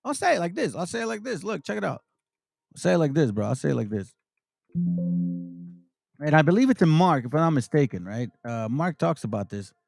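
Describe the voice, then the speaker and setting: A man's voice: fairly high pitch, very animated, normal speed, gravelly, long pauses, a little mellow, soft background music. A man teaching scripture in a casual, slang-laced style, reading verses aloud and explaining them.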